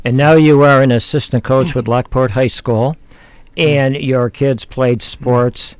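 A man's voice: mid-range voice, steady tone, measured pace, clean tone, no echo. A man, hosting and telling folksy baseball stories with fillers. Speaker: host. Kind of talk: reminiscing talk show chat.

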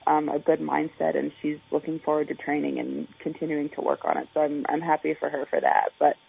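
Deep, husky and laced with vocal fry, this woman's voice moves briskly. She is an Olympic track and field athlete chatting in a phone interview, with lots of fillers and restarts, and the phone line sounds tinny.

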